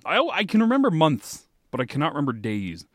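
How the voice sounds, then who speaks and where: Animated man chatting on a podcast. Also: a little high, fairly quick, no room sound, clean studio sound. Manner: lively, self-mocking, profane. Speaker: podcast co-host. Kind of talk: casual podcast chat.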